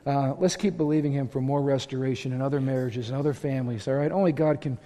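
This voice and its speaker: A man preaching a sermon as pastor, impassioned and rising to loud exhortation. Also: medium pitch, fairly even intonation, quick pace. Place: church sanctuary. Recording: long hall reverb.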